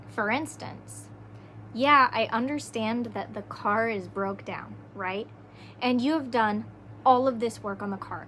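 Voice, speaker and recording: A woman's voice: fairly high pitch, a bit bright, a little hiss or hum. A woman hosting a podcast, talking earnestly in a casual way and giving relationship advice, often tagging her points with "right?". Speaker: podcast host. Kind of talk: casual solo podcast talk.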